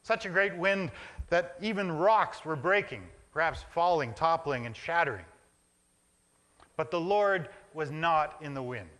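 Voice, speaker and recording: A male pastor delivers a reflective sermon in a church, building images through short phrases he repeats. His voice sits a little high and carries a bright, forceful edge. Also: lively intonation, measured pace. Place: church sanctuary.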